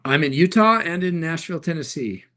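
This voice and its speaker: A man's voice: a little high, expressive, sharp tone. A middle-aged man hosting a live stream, answering viewer questions in an upbeat, joking way. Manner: upbeat, jokey, quick replies to chat. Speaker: livestream host and car dealer.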